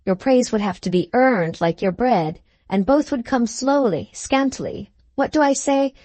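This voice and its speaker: A woman's voice: on the high side, lively intonation, measured pace, no echo. A woman doing a grave male musician, emphatic, raised voice, dry close sound, storybook. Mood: solemn emphatic. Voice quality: earnest, emphatic, gently grave. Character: earnest foreign male musician, solemn and emphatic.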